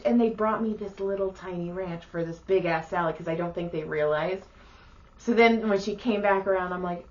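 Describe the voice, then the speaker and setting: A woman's voice: medium pitch, fairly quick. Woman in her 30s on a podcast, swears a lot, acts out everyone in her stories, kinda dull lo-fi audio. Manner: animated, profane, acts out quoted people. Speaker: podcast co-host. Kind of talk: casual storytelling chat.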